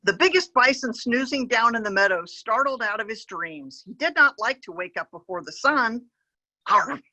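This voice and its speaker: A woman reading a picture book aloud to children as a park educator, gently pointing to the pictures and adding animal sound effects. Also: on the high side, lively intonation, moderate pace, dry recording, low-quality recording.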